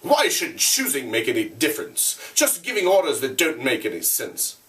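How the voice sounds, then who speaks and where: A man's voice: mid-range voice, wildly swooping pitch, normal speed, a bit bright, far from the mic. Jack: a man playing a sneering bully boy. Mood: sneering, defiant. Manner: sneering, blunt. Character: defiant aggressive boy hunter, bullying and mocking.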